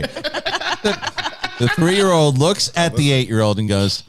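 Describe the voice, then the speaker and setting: A man's voice: fairly high pitch, huge pitch swings, moderate pace, long pauses, noisy background. A man in his thirties hosting a live talk show, telling stories animatedly, laughing often and acting out his kids' voices. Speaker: host. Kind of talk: casual live show chat.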